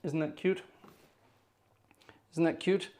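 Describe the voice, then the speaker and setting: A man's voice: on the high side, steady tone, takes it slowly, a little mellow. Chatty man troubleshooting on a livestream. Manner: chatty, narrating his own tech troubleshooting; exasperated muttering asides. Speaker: organ music livestream host. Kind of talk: casual live-stream chat.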